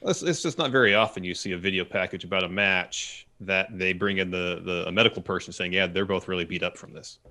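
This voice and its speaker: A man co-hosting a podcast, chatting quickly and casually about wrestling, often chiming in to agree. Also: low-pitched, pushed and bright. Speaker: podcast co-host. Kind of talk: casual wrestling recap chat.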